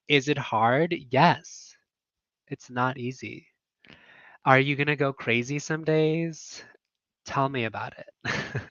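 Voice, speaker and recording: Earnest bright-voiced man, lo-fi. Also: medium pitch, dry recording. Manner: earnest, emotional, many fillers and laughs. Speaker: online teaching business coach. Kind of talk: casual livestream chat.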